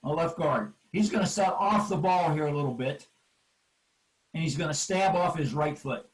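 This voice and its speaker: A man's voice: fairly high pitch, moderate pace, far from the mic, low-quality recording. An older man coaching football linemen in a clinic, driving points home with emphatic, repeated cue words. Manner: emphatic, repetitive cueing phrases. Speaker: football offensive line coach. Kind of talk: coaching clinic presentation over drill video.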